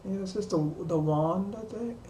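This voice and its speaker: A woman's voice: mid-range voice, normal speed, warm tone, echoey room, slight background noise. A woman chatting casually to camera while doing her makeup, rambling and talking to herself in asides. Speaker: vlogger. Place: small room at home.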